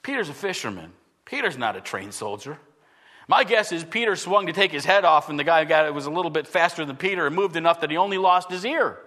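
A male pastor preaching a sermon, animated and full of rhetorical questions, swinging from loud emphasis to hushed tones. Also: a little high, brisk. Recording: long hall reverb.

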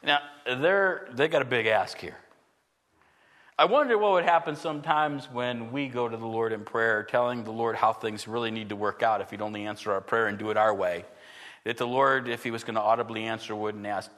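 A middle-aged pastor preaching a sermon earnestly, swinging from forceful lines to hushed ones. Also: male voice, medium pitch, normal speed, big-room sound.

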